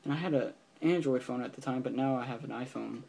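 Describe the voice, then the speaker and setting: Gravelly-voiced teenage guy rambling on. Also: mid-range voice, fast, warm tone. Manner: rambling, with frequent fillers and restarts. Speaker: vlogger. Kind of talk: casual storytelling vlog.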